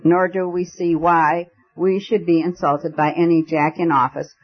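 A man's voice: on the high side, level tone, measured pace. Brief: indignant grand-lady disguise, clipped and lofty, a man reading it, muffled lo-fi sound. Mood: haughty. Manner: indignant, dignified. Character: haughty villain posing as a dignified lady. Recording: dull lo-fi recording.

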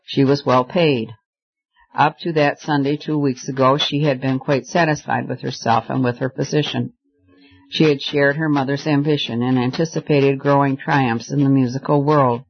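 Casting: male audiobook narrator, steady even delivery, middle pitch, slightly dull lo-fi recording. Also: moderate pace, breathy edge. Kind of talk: scripted narration.

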